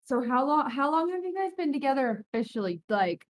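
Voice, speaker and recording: A woman, a guest on a podcast, chatting and asking questions in a brisk, playful way. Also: high voice, sing-song. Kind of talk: casual chat.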